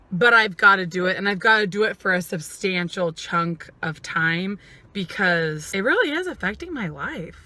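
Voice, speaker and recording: A woman vlogging in a casual, emotional monologue, her voice very bright and sharp. She acts out the people she talks about, and the sound is dry and close. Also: on the low side, no room sound. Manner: emotional and expressive, acts out what others said.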